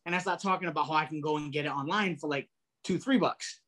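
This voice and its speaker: A man co-hosting a casual collectibles chat, telling stories with lively acted-out dialogue and frequent restarts. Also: a little high, fast talker. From New England, US. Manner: animated storyteller, acts out dialogue. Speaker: podcast co-host.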